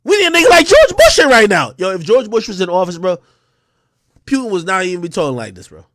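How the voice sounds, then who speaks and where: A man hosting an unscripted livestream, talking in an animated, profane way and mocking people with quick impressions. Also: sits high, no room sound, studio quality. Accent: New York. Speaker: livestream host.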